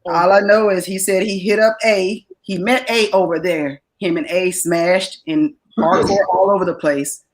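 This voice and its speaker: Woman, low-ish voice, hesitant and careful, casual podcast talk. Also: steady tone, rough recording. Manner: halting, restarts while choosing words carefully. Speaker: podcast co-host.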